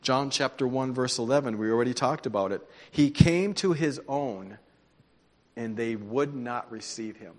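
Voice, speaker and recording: A man preaching a sermon, telling stories in an animated, conversational way. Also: medium pitch, moderate pace. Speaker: pastor. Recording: long hall reverb.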